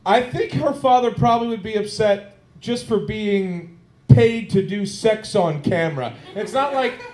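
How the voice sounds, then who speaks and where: A man's voice: high-pitched, measured pace, a little mellow. A man hosting a stand-up comedy night on a club stage, joking brashly before introducing the next act. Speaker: comedy host. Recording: echoey club room with ambience.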